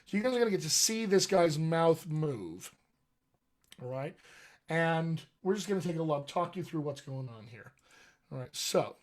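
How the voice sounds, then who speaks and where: A man's voice: a little high, lively intonation, moderate pace. A man coaching actors on accents in a live-streamed lesson, explaining step by step and often checking in with "all right?". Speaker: dialect coach. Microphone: webcam live stream.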